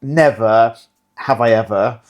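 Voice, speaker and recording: A woman hosting a podcast, asking halting, roundabout questions and backing her guest with frequent agreement. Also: very deep voice, highs cut off. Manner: warm affirming listener, halting questions. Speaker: podcast host. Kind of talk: casual interview chat.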